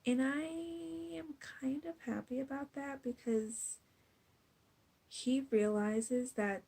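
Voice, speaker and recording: A young woman recapping a TV episode in casual chat, chatty and gushing, jumping into a high voice to act out quotes. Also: creaky, darkish tone, husky, poor audio. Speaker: recap vlogger.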